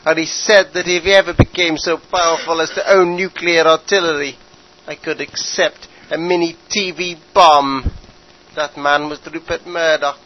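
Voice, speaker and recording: A man's voice: a little high, steady tone, moderate pace, highs cut off, a little hiss or hum, natural voice. A man doing a pompous bumbling dictator. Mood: scheming. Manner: pompous, grandiose speechifying. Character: pompous bumbling male dictator, middle-aged.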